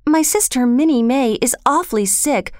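A woman's voice: high voice, normal speed, darkish tone, dry recording, clean studio sound, voice pushed up, lightly acted. A woman voicing a frightened young girl in a storybook reading, pleading and anxious. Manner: pleading, breathless with worry. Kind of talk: storybook character voice.

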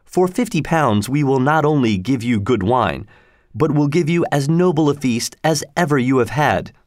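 A man voicing a bold, cheerful outlaw leader in a storybook reading, speaking in a jaunty, mocking way with a raised pitch. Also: animated, moderate pace, no room sound, clean studio sound, lightly acted.

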